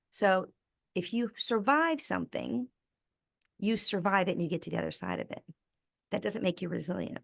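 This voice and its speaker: A woman in her fifties with an American accent, a podcast guest telling personal stories in an earnest, animated way. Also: lowish voice, gravelly, no echo, clean studio sound. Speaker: podcast guest, resilience speaker. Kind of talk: conversational interview storytelling.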